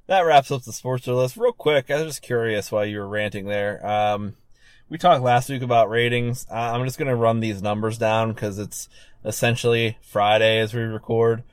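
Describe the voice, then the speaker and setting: Male co-host, mid-pitched, laid-back and chuckly, dry close sound. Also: normal speed, smooth, no room sound. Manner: laid-back, chuckling, reads numbers aloud. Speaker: podcast co-host. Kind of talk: casual wrestling podcast chat.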